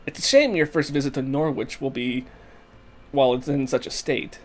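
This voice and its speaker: A man's voice: mid-range voice, moderate pace, natural voice. A man voicing a cheerful female genius guide in a put-on stereotyped Italian accent, reading game lines. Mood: guiding. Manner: stereotyped Italian lilt, playful. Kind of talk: fan voicing of a game's story text.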